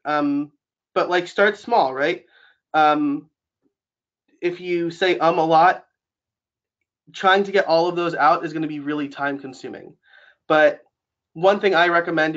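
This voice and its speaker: A New York man with a New York accent presents a casual webinar, chatty and full of fillers like "um" and "like." His voice is on the high side and a bit bright, though the lo-fi webinar audio sounds dull.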